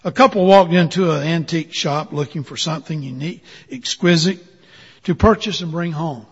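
A man telling a parable in a sermon, slow and deliberate. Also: a little high, slightly rough. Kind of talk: sermon storytelling. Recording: dull sound with long hall reverb.

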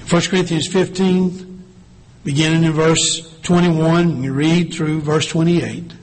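Male pastor, husky slightly raised voice, slow measured sermon delivery. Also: on the high side, steady tone, poor audio. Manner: slow, deliberate preaching with drawn-out pauses.

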